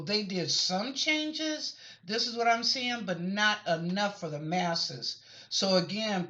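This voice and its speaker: A woman's voice: mid-range voice, fairly bright tone. A woman giving a chatty, rambling psychic reading in answer to viewers' questions, with apologetic asides. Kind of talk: casual spoken reading of questions. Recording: lo-fi dull recording.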